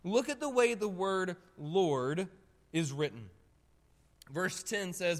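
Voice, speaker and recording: A man preaching a sermon, animated and emphatic, talking straight to his congregation. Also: sits high, measured pace. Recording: long reverb of a hall.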